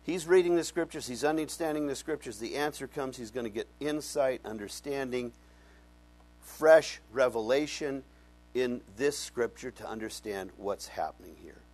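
Pastor, male, mid-pitched voice, animated and folksy Bible teacher who quizzes his congregation. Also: moderate pace. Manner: animated, asks the congregation questions; conversational, folksy.

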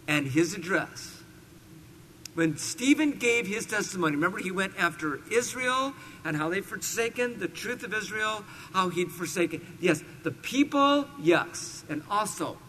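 A man preaches a sermon in a slightly high, bright voice, leaning hard on key words as he reads scripture slowly. His voice rings with a long reverb through a large hall, with a faint hum of room noise behind it. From California. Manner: slow deliberate scripture reading with emphatic stresses. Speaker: pastor. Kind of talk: expository sermon.

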